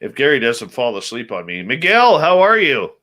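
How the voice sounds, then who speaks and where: A man's voice: medium pitch, huge pitch swings, moderate pace, bright, forceful tone. A man hosting a radio show, chatting casually with his live viewers, greeting them by name and muttering asides to himself.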